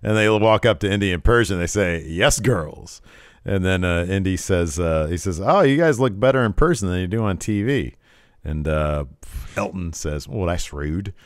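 Man, low deep voice, podcast co-host, casual recap chat, laughs a lot, dry close sound. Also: normal speed, no echo. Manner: laughs often, animated and joking.

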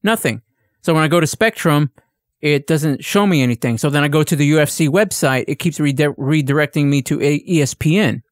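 Ranting man with a higher voice. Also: a little fast, dry recording, studio quality. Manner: ranting, swearing, acts out exchanges in a raised voice. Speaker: podcast co-host. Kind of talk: casual chat.

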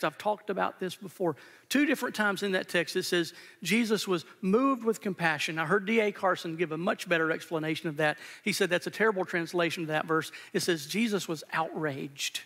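A man's voice: high-pitched, fairly bright tone. A male pastor preaching an earnest, emphatic sermon, repeating phrases for weight, recorded live in a church sanctuary. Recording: long church hall reverb.

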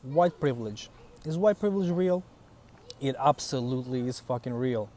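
A vlogger in his thirties with a foreign accent in English talks bluntly and casually to camera, swearing as he tells stories. His mid-range voice is warm with lively intonation at normal speed, and there's a little hiss or hum.

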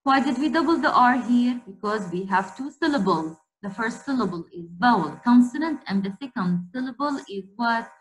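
A woman's voice: fairly high pitch, lively intonation, poor audio. A woman teacher giving a spelling lesson to a class, repeating each word and stopping to ask the class questions. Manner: repeats words slowly and emphatically, asks class questions.

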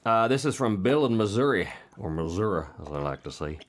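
A man's voice: fairly low pitch, brisk. A man hosting a casual podcast interview, joking and laughing often as he reads listener mail. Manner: jokey, laughs often, animated when reading letters aloud. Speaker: podcast host.

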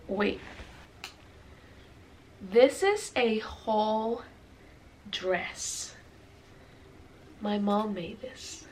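An unhurried young woman talks casually to her viewers while she puts things away in a nursery at home. She is pregnant and a little out of breath. The camera sits on a tripod, with a faint hum of the room behind her. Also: a little high, low-quality recording. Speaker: vlogger. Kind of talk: casual vlog chat.

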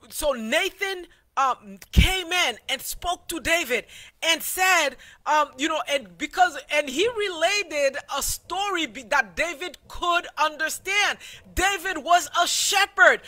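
A man's voice: very high-pitched, bright, forceful tone. A man teaching a Sabbath School Bible lesson in a loose, preachy way, with many fillers and restarts.

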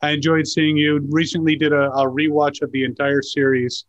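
A man's voice: on the high side, little pitch movement, normal speed, dry recording. A man interviewing a guest, asking long, searching questions. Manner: rambling, searching questions with fillers. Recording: dull dry lo-fi sound.

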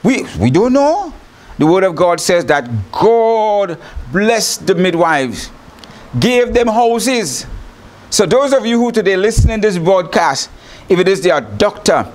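Male bishop, Trinidad and Tobago accent, high-pitched, lively storytelling sermon. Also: slow. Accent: Trinidad and Tobago English. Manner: animated storytelling, laughing often. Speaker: bishop, preacher. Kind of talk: sermon broadcast.

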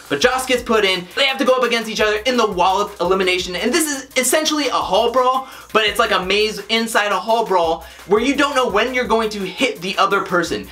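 A man's voice: high voice, sharp tone. A man giving an emphatic, critical recap of a reality TV episode.

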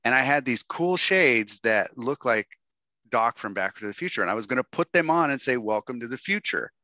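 A man's voice: mid-range voice, expressive, moderate pace, pushed and bright, no room sound, highs cut off. A man telling a casual, joking story to an online workshop audience. He often tags lines with "right?" and "dude" and acts out other people's words. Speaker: guest speaker at an online workshop.

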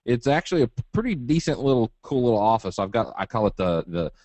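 A man's voice: medium pitch, very animated, fast, a little mellow, no echo. A man from Eastern Kentucky with a Southern drawl, presenting a live trading webinar in a folksy, joking, straight-talking way.

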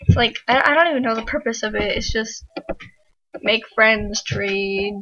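A woman's voice: a little high, normal speed, bright, forceful tone. A teenage girl hosting a gaming channel, chatting casually and giggling while she plays. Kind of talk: casual gameplay chat. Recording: muffled lo-fi home mic with hiss.

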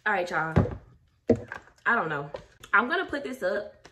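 A woman's voice: mid-range voice, sing-song, measured pace. A young adult woman chatting casually with her viewers at home, open and emotional. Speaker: vlogger. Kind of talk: casual vlog chat. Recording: distant mic, faint background noise.

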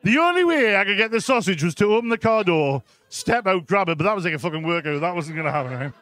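A man's voice: high-pitched, lively intonation, fast, pushed and bright, no room sound. A man with a Geordie accent doing a live stand-up set in a comedy club, telling a crude story with constant "right?" asides to the crowd.

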